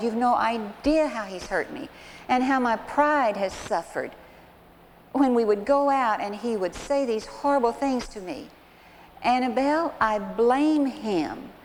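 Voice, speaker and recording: A woman, voicing a hurt and bitter middle-aged wife, pleading and tearful in the telling. The voice rings out with a long reverb, as in a large hall, over a faint steady hiss. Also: fairly high pitch.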